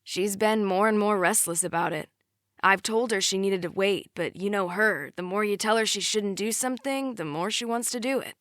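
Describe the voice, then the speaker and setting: A woman's voice: mid-range voice, moderate pace, a bit bright, dry recording, studio quality, voice pushed up, natural voice. A woman reading the lines of a protective young man, an easygoing older brother who turns firm about his sister, in an audiobook. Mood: earnest. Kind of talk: audiobook character voice.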